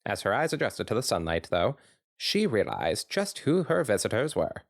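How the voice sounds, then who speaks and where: A man's voice: on the low side, sing-song, moderate pace, no echo. A podcast co-host man reading fanfiction aloud with a dry, wry narration.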